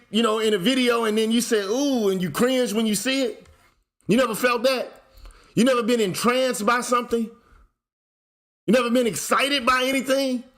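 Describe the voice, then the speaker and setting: Male channel host with a high-pitched voice, blunt and profane, firing off rhetorical questions in a casual commentary rant. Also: fairly bright tone.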